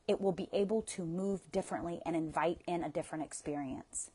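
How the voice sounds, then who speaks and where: A woman's voice: medium pitch, fairly quick, mellow, breathy edge. A woman coach guiding listeners through a tapping session, speaking with soothing guidance and audible sighs between prompts.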